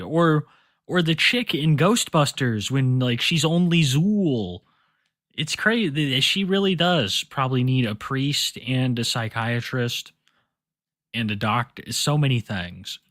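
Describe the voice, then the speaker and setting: Male streamer, mid pitch, dry close mic, crude rambling talk. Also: animated, slow, a bit bright, no room sound. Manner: crude, mocking, rambling commentary. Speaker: live streamer. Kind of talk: casual chat to stream viewers.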